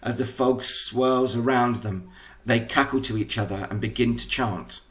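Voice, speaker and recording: A man's voice: mid-range voice, a little slow, fairly bright tone. A male primary school teacher with an English accent, giving a patient, step-by-step recorded lesson.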